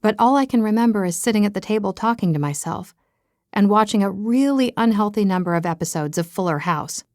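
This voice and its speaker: A woman's voice: medium pitch, brisk, darkish tone, no room sound, clean studio sound. A woman narrating a romance audiobook in the first person, chatty and self-mocking.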